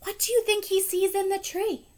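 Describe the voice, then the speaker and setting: A woman's voice: extremely high pitch, little pitch movement, moderate pace, a little mellow. A woman, a teacher, reading a picture book aloud to children and inviting them to count and speak along.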